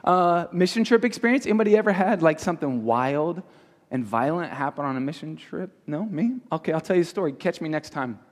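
Youth pastor guy, slightly high voice, keeps quizzing the crowd, long hall echo. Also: animated. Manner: asks the audience many quick questions. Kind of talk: interactive youth teaching. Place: large hall with an audience. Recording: reverberant hall.

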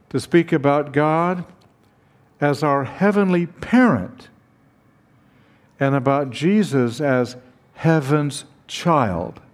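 An older man slowly telling a personal story, acting out the dialogue with dramatic pauses. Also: on the high side. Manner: slow, dramatic retelling with acted dialogue. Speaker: speaker recounting his teaching past.

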